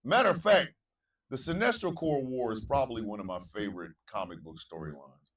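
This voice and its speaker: A man hosting a morning talk show, animated, chanting hype calls and ranting, swinging between shouts and low asides. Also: a little fast, recorded from a distance, poor audio. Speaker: radio show host.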